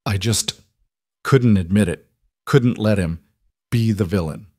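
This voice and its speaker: A man voicing a dying young outlaw in a cowboy storybook who speaks weakly and haltingly. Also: fairly low pitch, darkish tone, no echo, studio quality. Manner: weak, halting, coughing between words. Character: dying young male outlaw, bitter, broken.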